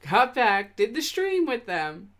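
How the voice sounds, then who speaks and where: A woman co-hosting a casual sports podcast, chatty and quick to giggle as she tells stories. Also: on the high side, very animated, a bit bright. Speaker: podcast co-host.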